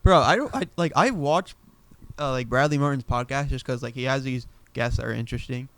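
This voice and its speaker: A man's voice: mid-range voice, fairly quick, a bit bright, dry recording. A man co-hosting a casual podcast, talking in a laid-back, slangy way and often trailing off mid-sentence. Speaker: podcast co-host. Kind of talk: casual chat.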